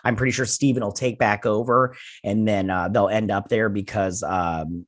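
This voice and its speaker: A man's voice: on the low side, steady tone, moderate pace. American male host, casual rambling reviewer, filler-heavy chat. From United States. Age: adult with children. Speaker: YouTube show host.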